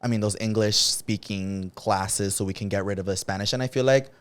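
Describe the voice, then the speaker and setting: A man's voice: lowish voice, steady tone, a little fast, clean tone. A man co-hosting a podcast in casual chat. He talks loosely and swears freely. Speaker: podcast co-host.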